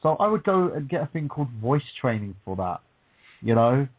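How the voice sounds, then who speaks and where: A man's voice: medium pitch, very animated, fairly quick, dull audio. Rambling man hosting a podcast. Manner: rambling, hesitant, with many restarts. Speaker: podcast host. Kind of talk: casual chat.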